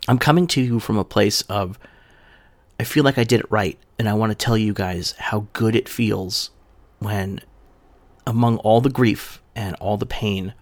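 A man's voice: lowish voice, unhurried, no room sound. A male podcast host reading a eulogy for his wife and then talking to his listeners, emotional and heartfelt, with his voice rising and falling with feeling.

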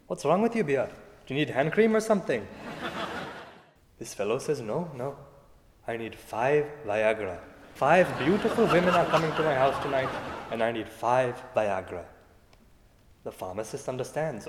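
A man putting on his older father's voice and accent to tell a joke in an amused, slow storytelling manner. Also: mid-range voice, a little hiss or hum, pitched below the performer's own voice, lightly acted. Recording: echoey hall with faint ambience.

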